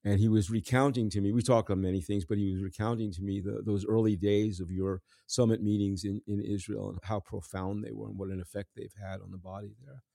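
A man hosting an interview, chatty and quick to laugh as he shares stories with his guest. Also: lowish voice, level tone, vocal fry, no echo, clean studio sound. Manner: warm-hearted, chatty, laughs often. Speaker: host. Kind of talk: casual interview chat.

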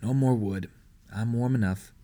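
A man voicing a frail, elderly noblewoman who speaks formally and gently in a storybook reading. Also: fairly low pitch, unhurried, natural voice. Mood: gentle.

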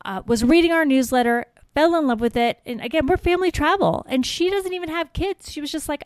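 A woman's voice: on the high side, fairly quick, clear, resonant tone, no room sound. A woman blogger hosting a solo podcast, giving encouraging, conversational advice with frequent restarts. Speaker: family travel blogger and podcast host.

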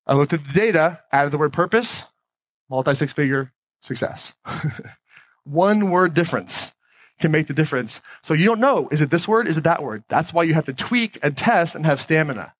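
Emphatic motivational speaker on stage. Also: male voice, a little high, lively intonation, moderate pace, no echo. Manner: emphatic, repeats key phrases, asks the audience questions. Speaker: podcast host giving a talk on stage. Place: stage before a live audience.

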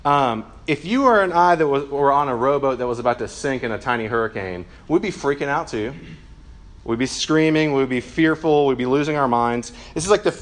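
Young adult man, pastor, casual sermon, medium pitch, chatty, filler-heavy. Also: a little fast. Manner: relaxed and chatty, with frequent "like" and self-corrections.

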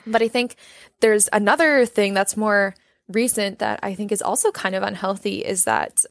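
A woman's voice: mid-range voice, moderate pace, gravelly, no room sound. A young woman talking earnestly and reflectively in a casual faith conversation, often saying "like" and "you know". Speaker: guest sharing her story.

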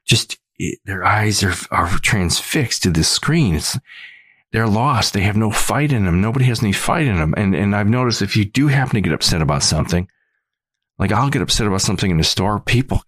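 Earnest rambling man with a deep voice. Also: animated, brisk, a bit bright, husky, dry recording. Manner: earnest, rambling with frequent restarts. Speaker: podcast host. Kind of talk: rambling monologue.

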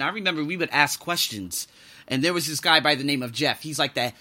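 A podcast host who teaches English while living and working abroad delivers a casual monologue, bluntly ranting about his job and swearing freely. His voice is a little high, a little fast, pushed and bright.

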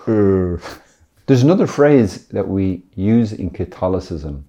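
Jokey low-voiced priest, man. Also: expressive, takes it slowly, mellow, highs cut off. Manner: jokey, self-deprecating, chatty. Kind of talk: casual teaching talk.

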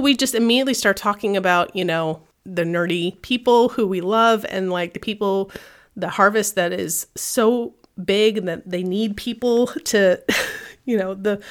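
Woman in her thirties, podcast host, casual storytelling, chatty, pops into higher voices for quotes, mid-pitched.

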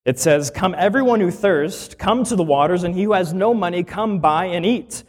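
A man's voice: high-pitched, normal speed. A man, a minister, teaching a conversational sermon and often asking rhetorical questions.

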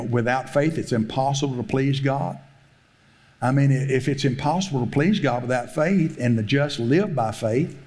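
A man's voice: medium pitch, a little mellow. A middle-aged man, preaching a sermon and telling a story, laughing often and acting out the voices he quotes. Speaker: pastor.

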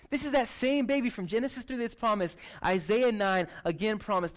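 Male pastor, high bright voice, loose chatty sermon delivery, keeps checking in with the room. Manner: animated, chatty, lots of "like" and "right?" tags. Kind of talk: casual conversational sermon.

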